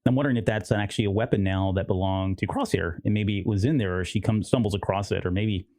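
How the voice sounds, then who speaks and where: Man, podcast co-host, lowish mellow voice, rambling casual chat, dry close mic. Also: fast, dry recording. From United States. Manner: rambling, quotes characters in voices.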